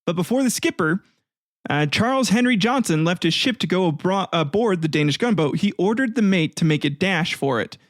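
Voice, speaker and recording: High-voiced, profane podcast host. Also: male voice, animated, fairly quick, no room sound, clean studio sound. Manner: profane, rambling, laughs often, acts out voices. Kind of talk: casual comedic history podcast.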